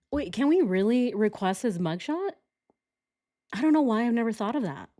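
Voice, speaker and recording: A woman's voice: a little high, sing-song, a little slow, pauses often, darkish tone. A young woman hosting a casual true crime stream, sarcastic and giggly, talking to her chat as she reacts. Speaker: true crime livestream host.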